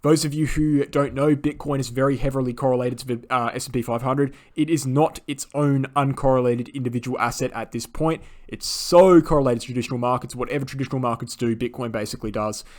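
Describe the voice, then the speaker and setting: A man giving chart analysis commentary on a market, emphatic and insistent, often ending points with a tag question and filling pauses with "uh". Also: mid-range voice, steady tone, darkish tone. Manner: emphatic, insistent, frequent "right?" and fillers.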